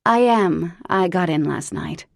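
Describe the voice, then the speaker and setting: A woman's voice: lowish voice, a little slow, gravelly, dry recording, studio quality. A woman narrating an audiobook, voicing a weary heroine who answers hesitantly and politely, with fillers. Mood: awkward.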